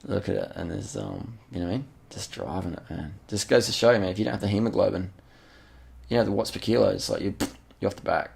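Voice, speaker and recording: A channel host with a very deep, gravelly voice narrates race footage, sounding loose and excited. He talks at a normal speed, repeats himself, and drops slang and casual swearing as if talking to a friend, with faint hiss or hum in the background.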